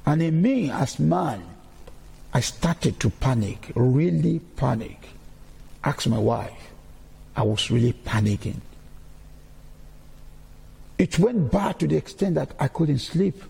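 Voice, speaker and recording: A man's voice: medium pitch, gravelly, mellow, breathy edge, long reverb tail. A man giving a sermon-style testimony in a church, repeating key phrases as he preaches.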